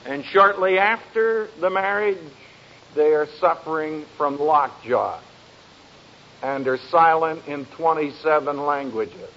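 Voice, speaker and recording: A man speaking to an audience as a family counselor, telling stories in a slow, emphatic way with dry humor. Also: on the high side, a little hiss or hum. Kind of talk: speech to an audience. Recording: dull lo-fi recording.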